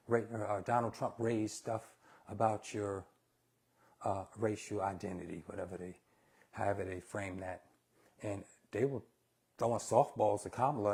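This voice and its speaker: A man's voice: fairly low pitch, mellow, husky. A man hosting a casual live cooking stream, talking bluntly and opinionated to viewers he calls y'all. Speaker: cooking show host.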